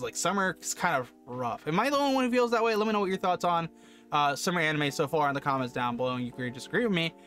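A young man casually reviewing an anime episode, excitable and slangy, often saying dude and bro. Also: a little high. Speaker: anime reaction youtuber.

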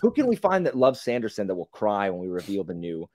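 A man chatting as a podcast guest, playful and quick to laugh. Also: on the low side, no room sound, studio quality. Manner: playful, giggly, animated. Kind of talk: casual chat.

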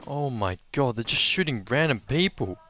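Excitable young Australian gamer. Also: male voice, medium pitch, moderate pace, soft background music. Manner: excitable, gasping, repeats exclamations. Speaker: gaming video host. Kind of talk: let's-play commentary.

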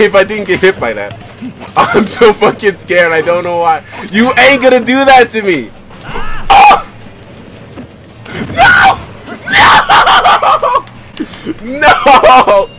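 A young man giving loud, excitable live commentary while playing a fighting game, swearing and laughing as he plays. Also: extremely high pitch. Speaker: gaming YouTuber. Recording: game music playing behind.

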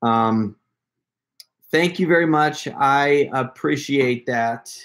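A man's voice: medium pitch, slow, fairly bright tone. Brief: male live-stream host at home, chatty and loose, rambles, laughs a lot. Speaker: prank caller hosting a livestream. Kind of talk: casual live-stream chat.

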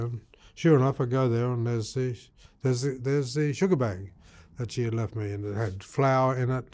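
A man's voice: medium pitch, a little mellow. An older man from Australia, an interviewee telling his life story in a rambling way, full of fillers and repeated words.

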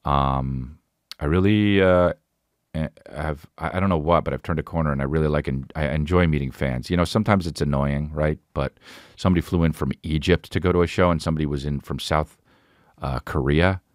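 A man's voice: rumbling low, brisk, dry recording, clean studio sound. A man in his forties hosting a podcast, telling stories in a rambling, profane way full of restarts. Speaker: podcast host. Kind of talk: casual storytelling monologue.

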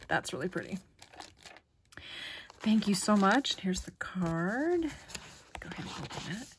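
A woman chatting casually as she unboxes a package of craft supplies, gushing with delight and often dropping to a soft whisper. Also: fairly low pitch, lively intonation, moderate pace, long pauses, a little hiss or hum. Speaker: crafting vlogger.

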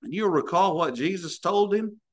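A man's voice: high voice, expressive, moderate pace. A man preaching a sermon, telling stories and acting out the voices in them. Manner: storytelling preacher, acts out voices in anecdotes.

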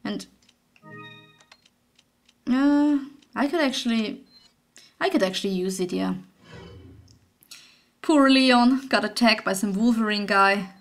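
A woman's voice: fairly high pitch, slow pace, long pauses, soft background music. A young woman commenting on a horror game as she plays, easily startled, swearing and laughing nervously. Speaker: gaming channel host. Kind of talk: let's play commentary.

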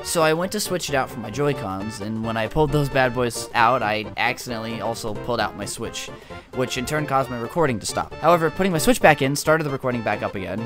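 A young man talks his way through a video game in a lively voice that jumps all over the place, swearing freely and shouting at the characters on screen. He has a sore tongue that makes speaking uncomfortable. Game music plays faintly behind him. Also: medium pitch. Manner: excitable, swears often, yells at game characters. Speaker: gaming video creator. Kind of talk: casual gameplay commentary.

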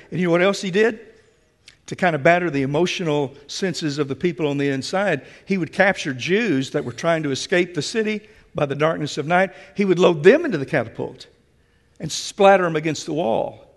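Preacher with a gravelly voice. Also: male voice, a little high. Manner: emphatic, addresses the congregation directly. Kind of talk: sermon. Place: church sanctuary. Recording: long reverb of a church hall.

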